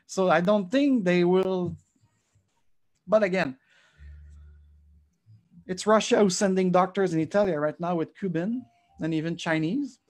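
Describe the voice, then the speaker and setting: Animated man on a video call. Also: sits high, a little slow, long pauses. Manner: animated, mixes French phrases into English. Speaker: podcast host. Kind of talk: casual video call chat.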